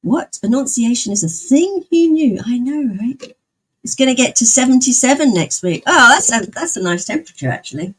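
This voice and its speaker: A woman's voice: a little high, expressive, normal speed, husky, rough recording. Chatty woman streamer. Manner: chatty, answers viewers' comments. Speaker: livestreamer. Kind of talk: casual chat.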